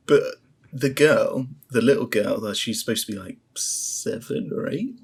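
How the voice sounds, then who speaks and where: A man's voice: mid-range voice, lively intonation, unhurried, vocal fry, husky. A man, bluntly ranting and swearing as he reviews a show in casual chat. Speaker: podcast co-host reviewing a show.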